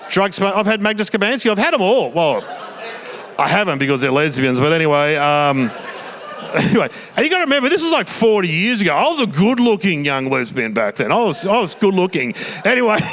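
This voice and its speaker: An Australian man in his fifties performs stand-up on a theatre stage in front of a live audience. His voice sits high, and he rambles through his story, stumbling and restarting as he goes. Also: fairly bright tone. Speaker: stand-up comedian. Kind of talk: stand-up comedy routine.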